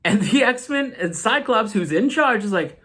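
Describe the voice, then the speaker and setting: A man hosting a casual comic book recap, joking and slangy in an animated way. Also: sits high, a little slow, husky. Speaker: host.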